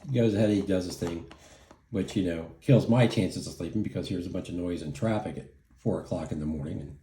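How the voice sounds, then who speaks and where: A man's voice: sits low, brisk, warm tone, a little hiss or hum. A middle-aged man telling a story in a casual vlog, indignant and profane, rambling with lots of fillers. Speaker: vlogger. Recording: echoey room.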